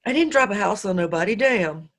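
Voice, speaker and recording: A woman's voice: mid-range voice, lively intonation, a little fast. A woman hosting a casual online chat, rambling and profane and laughing often. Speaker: host. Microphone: online call.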